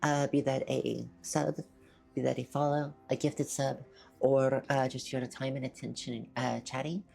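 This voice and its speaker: A woman streamer in casual live-stream chat, soft-spoken, shy and stammering as she thanks her viewers. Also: extremely low pitch, flat delivery, unhurried, creaky, faint music behind.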